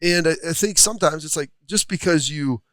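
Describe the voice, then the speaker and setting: A man's voice: a little high, brisk, fairly bright tone, no echo. A man, a former football player, giving rambling, thoughtful casual sports talk in a restaurant studio. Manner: thoughtful, rambling, many fillers.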